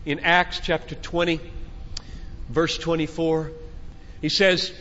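A man's voice: on the high side, level tone, slow pace, bright, forceful tone. An older man preaching a fervent sermon to a conference crowd, exhorting his listeners and building up phrase by phrase like a father speaking to his children. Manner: fervent, exhorting, repeating phrases with rising intensity. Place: large conference hall. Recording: dull sound with long hall reverb.

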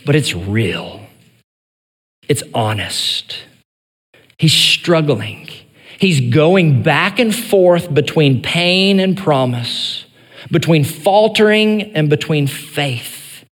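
High-voiced pastor preaching in a reverberant church. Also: male voice. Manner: earnest preaching, rising to pleading cries when voicing the psalmist. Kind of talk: sermon.

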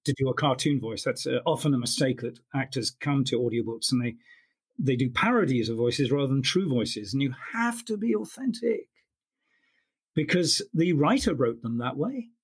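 A man's voice: medium pitch, expressive, moderate pace, husky. A man who works as an audiobook narrator, talking thoughtfully in an interview with frequent restarts. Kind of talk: interview conversation.

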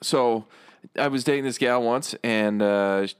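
A man's voice: medium pitch, a little slow, clear, resonant tone, no echo. Easygoing man on a dry mic. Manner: laid-back, agreeable, lots of short backchannel replies. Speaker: podcast co-host. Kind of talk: casual chat.

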